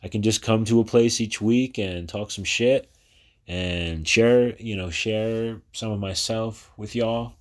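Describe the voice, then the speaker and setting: A man's voice: lowish voice, fairly even intonation, slow pace. A man in his thirties from New Jersey, hosting his own podcast in a chatty, rambling monologue full of fillers and restarts. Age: 30s. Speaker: podcast host. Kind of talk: casual personal podcast monologue.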